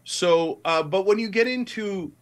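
A middle-aged man appearing as a guest commentator argues in a heated political debate, his high-pitched voice keeping a measured pace. He is emphatic and passionate, rising into indignant outbursts.

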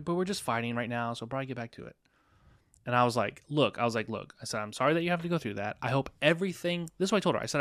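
A podcast co-host with a mid-range, slightly bright voice tells a dating story in a casual way, acting out both sides of the conversation and swearing now and then. The recording is clean studio sound with no room tone.

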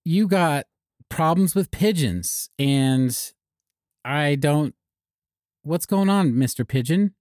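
A woman co-hosting a comedy podcast, playing a quick, bossy mock therapist in improvised scenes. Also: sits low, animated, darkish tone, no room sound, studio quality. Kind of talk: improvised comedic role-play.

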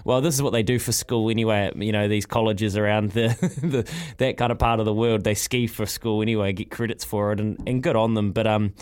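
A man's voice: lowish voice, steady tone, a little fast, darkish tone, clear, resonant tone. Enthusiastic New Zealand radio host, man. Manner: enthusiastic, rambling with restarts. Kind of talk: casual radio chat.

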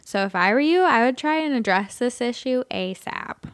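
A woman's voice: on the high side, expressive, dry recording, studio quality, natural voice. Woman putting on a drunk, indignant creep. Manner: slurred, slow, indignant drunk ranting. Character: drunk belligerent adult male creep from a bad date.

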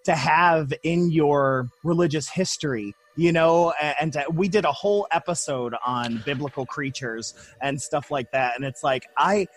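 A man's voice: fairly high pitch, normal speed, hardly any pauses. A man co-hosting a podcast in an eager, laughing, chatty way. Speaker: podcast co-host. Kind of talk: casual interview chat.

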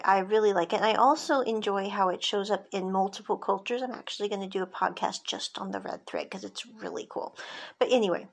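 A woman podcast host giving a chatty, digressive recap of a TV drama, with side notes along the way. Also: medium pitch.

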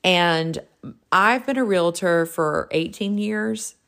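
Bubbly low-voiced woman telling stories. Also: slow, fairly bright tone. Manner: bubbly and gushing, heavy use of "like". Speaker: realtor and podcast host. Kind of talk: casual solo storytelling.

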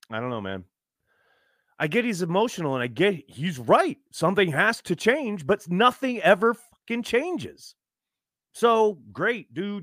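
A man's voice: sits high, big pitch swings, normal speed, fairly bright tone, no room sound, studio quality. A man hosting a fan podcast, exasperated and swearing freely as he rants and reads viewer messages. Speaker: podcast host. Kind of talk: live fan podcast rant.

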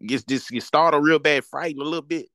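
A man's voice: fairly high pitch, fast talker, no room sound, clean studio sound. A man co-hosting a podcast, telling stories in casual slangy chat and acting out the quotes with lots of energy. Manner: animated, slangy storyteller who acts out quotes. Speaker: podcast co-host.

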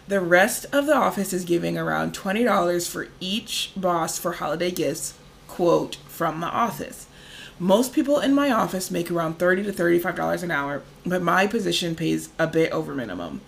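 Her voice is on the low side and gravelly, with a bit of background noise, as this woman co-hosts a podcast. The talk is relaxed and chatty, full of "like" fillers and quick laughter.

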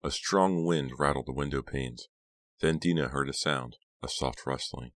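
Man, audiobook narrator, very deep voice, measured, dry close sound. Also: fairly bright tone, no echo. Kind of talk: scripted horror narration.

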